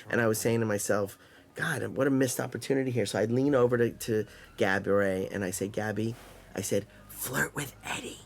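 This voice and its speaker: A man recording a film commentary, telling anecdotes from the shoot in a casual way and acting out quotes. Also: creaky. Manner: animated storyteller acting out quotes. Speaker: film director. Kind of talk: DVD commentary, casual recollection. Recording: slightly pitched-up DVD commentary track.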